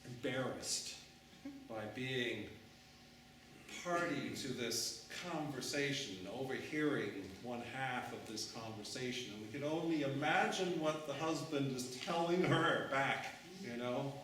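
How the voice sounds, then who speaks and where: Brief: man preaching, slow and dramatic, in a very echoey room, distant mic. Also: mid-range voice, a bit bright, slight background noise. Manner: dramatic, unhurried storytelling. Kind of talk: storytelling sermon.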